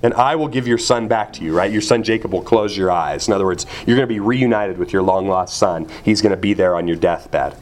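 A man's voice: sits low, brisk, few pauses. A man preaching a sermon, earnest and emphatic, asking his listeners rhetorical questions. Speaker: pastor.

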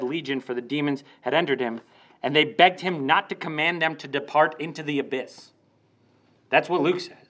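A man's voice: fairly high pitch, fairly bright tone. A young man preaching a sermon in a conversational way, asking rhetorical questions and acting out quoted lines.

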